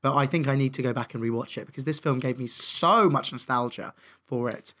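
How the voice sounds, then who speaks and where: A young man with a mid-pitched voice, reviewing films in a relaxed chat. He talks hesitantly, restarts his sentences and adds fillers, yet he sounds warmly enthusiastic. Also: brisk. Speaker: film review podcast co-host. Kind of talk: casual chat.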